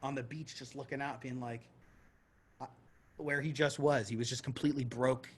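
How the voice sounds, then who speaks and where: A man's voice: mid-range voice, fairly even intonation, moderate pace, husky. A man co-hosting a podcast who tells a long story casually, swearing freely and acting out the voices of the people in it. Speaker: podcast co-host.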